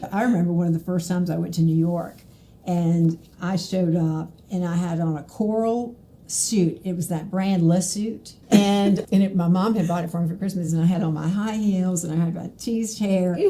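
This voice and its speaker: A woman from Mississippi, hosting a casual podcast interview and telling stories in an animated way, laughing often. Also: lowish voice, slight background noise. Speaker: podcast host.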